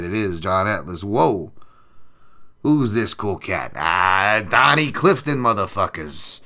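A man with a lowish, pushed, bright voice hosts a podcast livestream. Between fight betting picks, he reads the chat aloud and keeps up loose, profane, sarcastic chatter.

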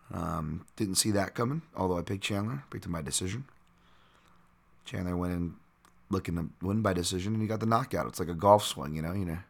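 A man hosting his own podcast with a raspy voice, rambling casually with fillers and self-corrections. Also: low voice, fairly bright tone. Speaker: podcast host.

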